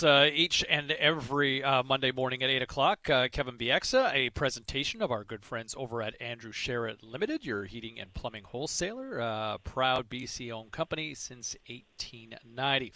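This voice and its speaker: A man's voice: mid-range voice, expressive, normal speed, hardly any pauses, sharp tone, no echo. A man hosting sports talk radio, bantering energetically with his guest. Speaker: radio host.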